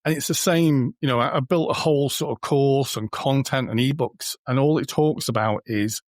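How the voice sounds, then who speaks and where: A man chatting informally as a podcast guest, often slipping into little quoted exchanges. His voice sits at an ordinary middle pitch. The sound is dry and close, with no room echo. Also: moderate pace. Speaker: podcast guest, booking company co-founder. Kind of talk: casual conversational interview.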